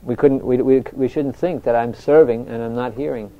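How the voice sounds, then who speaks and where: An older man with a calm, soft voice talks reflectively as a spiritual teacher, often breaking off and starting his sentences again. His pitch sits in a middle range, and the recording sounds muffled and lo-fi. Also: normal speed. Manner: soft-spoken, frequent restarts. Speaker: spiritual teacher answering questions. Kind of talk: reflective talk with anecdotes. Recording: dull lo-fi recording.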